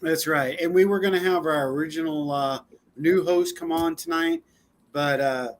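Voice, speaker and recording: Laid-back, chatty male co-host, slightly high voice. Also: very animated, moderate pace, a little hiss or hum. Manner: laid-back, laughs often, loose filler-heavy talk. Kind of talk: casual live-stream chat.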